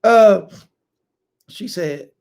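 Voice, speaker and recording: A preacher giving a Sabbath sermon, talking slowly and emphatically, swinging from loud outbursts to hushed asides. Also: mid-range voice, animated, gravelly.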